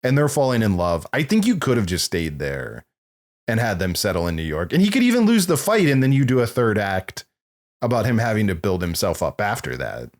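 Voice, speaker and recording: Male co-host, lively swooping delivery, lowish voice, rambling chatty storyteller who laughs a lot. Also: a little fast. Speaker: podcast co-host. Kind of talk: casual chat about films.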